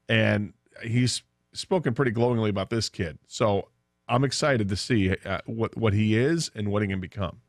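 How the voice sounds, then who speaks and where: A man's voice: fairly low pitch, no room sound, studio quality. A man co-hosting a sports radio show, chatting casually and telling a story with laughs.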